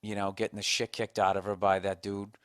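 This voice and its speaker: A man's voice: on the low side, completely flat delivery, fairly quick, clean tone, no echo, clean studio sound. A man hosting a podcast, talking in a blunt, profane, ranting way, mocking himself as he goes. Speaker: podcast host. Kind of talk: casual chat.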